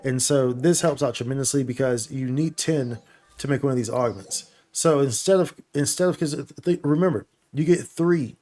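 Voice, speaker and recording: With a slightly mellow, mid-range voice at normal speed, this male YouTuber talks his viewers through the latest game updates. He's enthusiastic and casual, throwing in "y'all" and "bro" as he goes.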